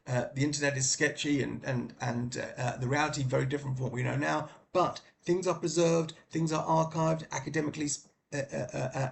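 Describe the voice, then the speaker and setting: A man's voice: medium pitch, gravelly, slight background noise. A middle-aged man giving a casual spoken book review, hesitant and full of fillers and restarts.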